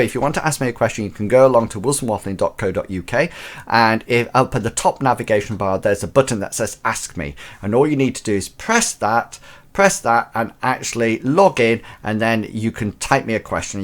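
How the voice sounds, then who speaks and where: A man hosting a live teaching show, chatting loosely and waffling with lots of restarts and fillers. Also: medium pitch. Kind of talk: rambling live show monologue.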